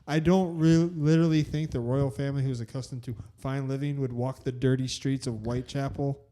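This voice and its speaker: A man's voice: mid-range voice, fairly even intonation, fairly quick, warm tone. A man co-hosting a podcast, skeptical and arguing back in a laid-back, casual way. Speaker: podcast co-host.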